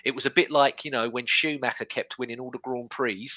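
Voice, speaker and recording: Cohost, thirties man, bright forceful voice, run-on explainer. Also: mid-range voice, fairly even intonation, brisk, dry recording. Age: 30s. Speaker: podcast co-host. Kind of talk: casual football chat.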